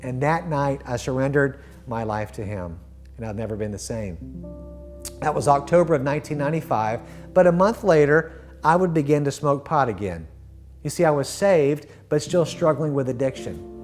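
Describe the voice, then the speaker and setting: A middle-aged man telling his personal faith testimony in an earnest, heartfelt way, often dropping to a soft hush at the end of a thought. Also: mid-range voice, expressive, normal speed, soft background music. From Florida. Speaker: guest sharing his testimony.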